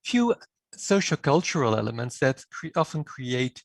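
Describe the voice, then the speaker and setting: A middle-aged man giving a conference presentation, explaining his points in a measured, lecturing way. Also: mid-range voice, sing-song, vocal fry, no room sound. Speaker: conference speaker on healthcare mediation.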